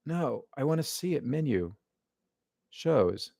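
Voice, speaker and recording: Man, live-stream host, gravelly, lowish pitch, irritated grumbling, dry close sound. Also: very animated, slow pace, darkish tone, dry recording. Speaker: livestream host. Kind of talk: live-stream reaction chat. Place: living room at home.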